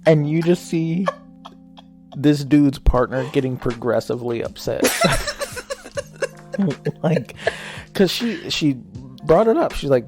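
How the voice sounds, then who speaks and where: A man's voice: on the high side, animated, takes it slowly, pauses often, darkish tone, faint music behind. A young man co-hosting a podcast, telling a story in casual, profane chat and often breaking into laughter. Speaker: podcast co-host. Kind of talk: casual chat, retelling a show with acted quotes.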